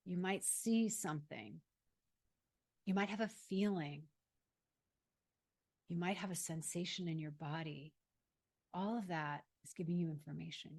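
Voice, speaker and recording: Calm low-voiced woman coach. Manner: calm, slow guiding pauses. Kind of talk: guided self-help talk.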